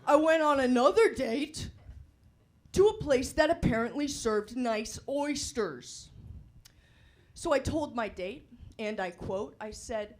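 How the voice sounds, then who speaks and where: A woman doing a stand-up set on a comedy club stage, telling her stories in a slow, deadpan way. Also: high-pitched, slight background noise.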